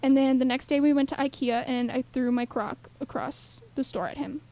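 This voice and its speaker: A young woman co-hosting a radio show, talking in an animated, rambling way full of fillers. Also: high voice, moderate pace. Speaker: radio co-host. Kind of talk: casual radio chat.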